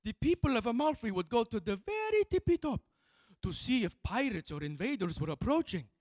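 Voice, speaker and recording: A man's voice: very high voice, sing-song, brisk, a little mellow, dry recording, pitched above the performer's own voice, heavily acted. A man voicing an enthusiastic male tour guide.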